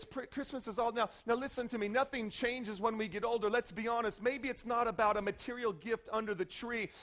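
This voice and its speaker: A man in his forties preaches with a notably high voice. He tells his stories with energy, acting out the voices of the people in them and breaking into shouts. His delivery is that of a pastor leading a sermon.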